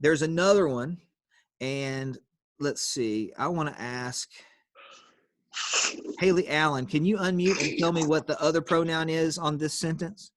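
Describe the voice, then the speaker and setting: A man's voice: fairly high pitch, unhurried, pauses often, no echo. A man teaching an online grammar class on a video call, explaining patiently step by step and calling on students.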